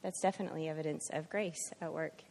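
A woman with a very low voice shares a testimony in church and hesitates often between phrases. Her voice carries a long reverb from the sanctuary. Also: steady tone, creaky, a little hiss or hum. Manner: warm-hearted, halting, with many fillers. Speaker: congregation member.

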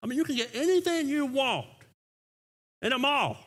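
A man preaching a sermon as pastor, animated and often restarting with repeated words. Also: very high-pitched, moderate pace.

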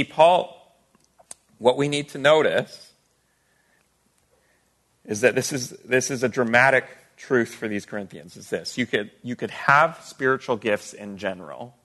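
A man's voice: medium pitch, a bit bright. A man preaching a sermon as a pastor, talking casually and asking the listeners rhetorical questions. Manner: conversational teaching with rhetorical questions.

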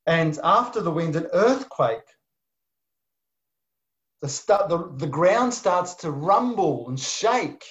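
A man preaching a sermon, swinging from emphatic bursts to soft, near-whispered lines. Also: fairly high pitch, expressive, takes it slowly, pauses often. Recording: dull lo-fi sound.

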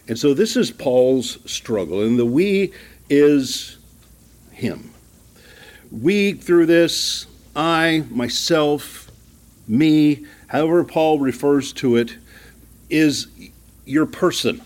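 Pastor guy doing a bible study, takes his time, reads verses slow then chats about them. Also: on the high side, lively intonation, darkish tone. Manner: conversational teaching, slows down for scripture reading, small asides and chuckles. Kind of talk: sermon, verse-by-verse Bible teaching. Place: church room with a group.

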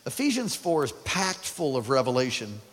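A male pastor preaching a sermon, calling out to the congregation and swinging from quiet to loud. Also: medium pitch, very animated, moderate pace. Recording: hall reverb with faint music.

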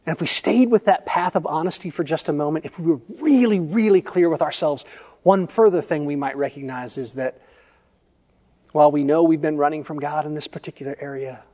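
A man's voice: fairly high pitch, a little mellow. Man preaching in an echoey hall. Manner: measured storytelling preaching, posing questions to the congregation. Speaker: pastor. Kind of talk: sermon. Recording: echoey church hall, dull lo-fi sound.

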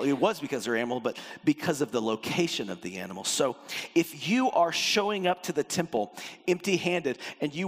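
A male pastor delivering a lively sermon, his voice sitting a bit high for a man. He swings from excited emphasis to hushed, intense low stretches. The sound carries the long reverb of a big hall. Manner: animated, emphatic, with sudden drops to a low intense voice.

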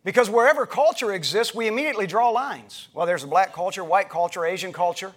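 A man's voice: high voice, fast talker, breathy edge. A middle-aged man from the United States, a pastor preaching a sermon, retelling a conversation in a loose, conversational way with frequent restarts. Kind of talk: sermon storytelling.

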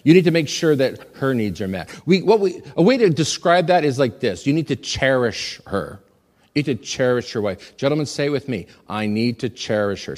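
A male pastor preaching a sermon to his congregation in a church, urging the men and joking with the crowd. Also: medium pitch. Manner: animated preaching, calls for audience repetition, jokes with congregation. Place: church sanctuary. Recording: long reverb of a large hall.

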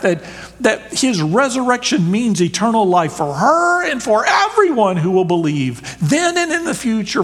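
A man preaching a sermon as a pastor, building to emphatic peaks and dropping to soft, hushed lines. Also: on the high side. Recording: long hall reverb.

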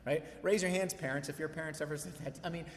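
A male pastor preaching a sermon in a relaxed, conversational way, mixing storytelling with humor. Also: on the high side, fast. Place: church sanctuary. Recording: echoey hall reverb.

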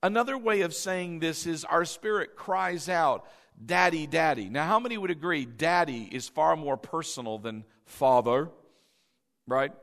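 High-voiced male pastor, echoey sanctuary. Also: expressive, measured pace, fairly bright tone. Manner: conversational, often checks in with the congregation; emphatic, repeats key phrases. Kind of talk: sermon.

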